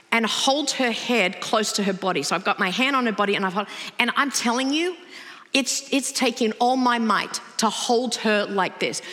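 Animated woman preaching in a big hall. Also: on the high side. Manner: conversational, animated storytelling. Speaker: pastor. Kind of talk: sermon with personal story. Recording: long reverb of a large hall.

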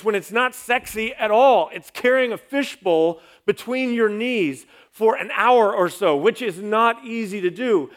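A man, a pastor, giving an emphatic sermon with a sarcastic edge. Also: sits high.

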